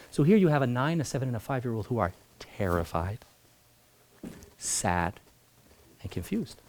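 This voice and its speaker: A man, a rabbi teaching an adult class, telling a lively teaching story and acting out its people, jumping between loud bursts and hushed asides. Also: medium pitch, moderate pace, pauses often. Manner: animated, acts out voices and jumps between loud and hushed.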